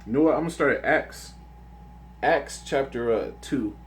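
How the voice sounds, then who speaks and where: A man's voice: medium pitch, normal speed, slight background noise. Earnest man giving casual religious testimony. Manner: earnest and conversational, with many restarts and "man". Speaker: religious video speaker. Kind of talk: informal religious testimony and scripture reading.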